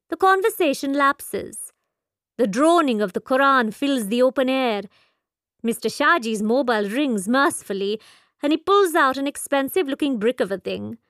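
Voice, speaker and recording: A woman narrating an audiobook in a calm, even storytelling manner. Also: high voice, moderate pace, dry recording, clean studio sound.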